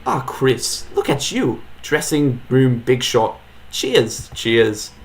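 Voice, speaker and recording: A man voicing a chummy, secretive male backstage bloke in a rough imitation of a rural British accent, talking low and confidingly. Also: sing-song, slow. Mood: sly, confiding. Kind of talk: reading game dialogue aloud.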